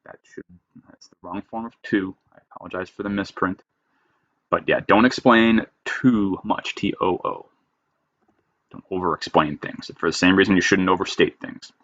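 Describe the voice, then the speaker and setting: A man's voice: deep voice, fairly even intonation, normal speed, fairly bright tone, muffled recording. A man teaching creative writing, reading style rules aloud and explaining each one emphatically. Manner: emphatic, reads a rule then explains it plainly. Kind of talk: lecture reading rules with commentary.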